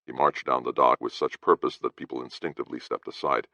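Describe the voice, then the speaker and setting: Deep, gravelly male audiobook narrator. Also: fairly even intonation, bright, forceful tone, dry recording. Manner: measured storytelling. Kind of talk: scripted first-person audiobook narration.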